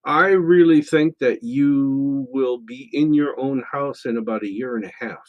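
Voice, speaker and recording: A middle-aged man co-hosting a psychic call-in show, reading out listener questions and answering them. He talks in a relaxed, rambling way with plenty of fillers and restarts. His voice sits in a middle pitch. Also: a little slow, dull audio. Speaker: psychic radio show co-host.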